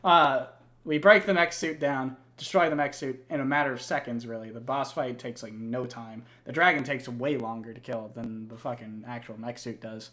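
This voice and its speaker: A man's voice: medium pitch, fairly even intonation, moderate pace, sharp tone. A young man casually recounting video game lore, rambling and swearing, with plenty of fillers. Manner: rambling, profane, many fillers. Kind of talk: casual chat.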